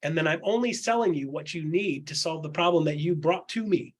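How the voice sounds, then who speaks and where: A man with a somewhat high, husky voice coaches real estate agents in a candid, one-on-one style. He drives his points home with quick rhetorical questions and slips into other people's voices to act out what they say. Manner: acts out quotes in other voices.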